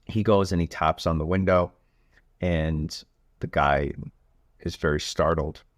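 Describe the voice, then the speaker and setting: A man who hosts a coaching podcast, telling a story in a relaxed way with frequent filler phrases. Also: low voice, a little slow, no room sound, clean studio sound. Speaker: youth soccer coach and podcast host.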